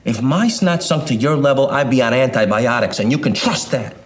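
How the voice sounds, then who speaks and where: An actor playing a blunt, sarcastic public defender on a TV drama. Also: male voice, medium pitch, lively intonation, a little fast, natural voice. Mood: curt. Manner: curt, sarcastic.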